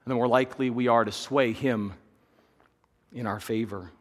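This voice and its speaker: A man pastor preaching a sermon, dropping to hushed low lines and rising into loud, raised bursts. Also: fairly even intonation, normal speed. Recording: long hall reverb.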